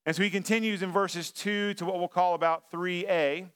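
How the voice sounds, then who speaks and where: A man's voice: high voice, steady tone, normal speed, a bit bright, clean tone. Man preaching a conversational sermon. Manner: conversational preaching with frequent fillers and restarts. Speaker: pastor. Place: church sanctuary.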